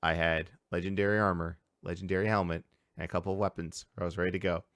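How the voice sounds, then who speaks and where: A man's voice: low-pitched, quick pace, dry recording. Ranting Canadian man, dry sound. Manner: swearing, animated rants. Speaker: podcast host. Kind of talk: casual chat. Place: home.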